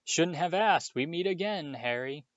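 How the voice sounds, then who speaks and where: A man's voice: medium pitch, moderate pace, dry recording, lightly acted. A man voicing a vain celebrity teacher with a jovial, pompous, hearty manner. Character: vain, booming grown male celebrity teacher. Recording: dull, dry lo-fi recording.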